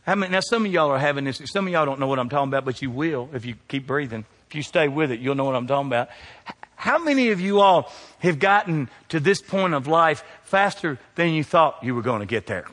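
A middle-aged man preaching a sermon, swinging from hushed to loud. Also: on the high side, animated, fairly quick, in a large hall. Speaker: pastor.

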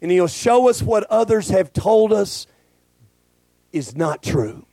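A male pastor, preaching a folksy, joking sermon that swells into shouting. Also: on the high side, no room sound.

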